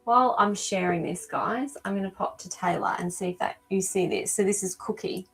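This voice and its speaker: Hosting a live-stream animal communication reading, a non-American woman speaks casually to viewers, thinking out loud and saying um a lot. Her medium-pitched voice is a little fast, creaky and slightly rough, over rough-quality audio.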